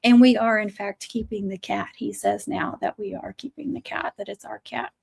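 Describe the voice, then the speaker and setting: A woman's voice: medium pitch, steady tone, normal speed, vocal fry, darkish tone, slightly rough. A middle-aged woman telling a long, chatty story on a casual livestream. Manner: chatty storytelling with laughs and asides. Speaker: craft channel host.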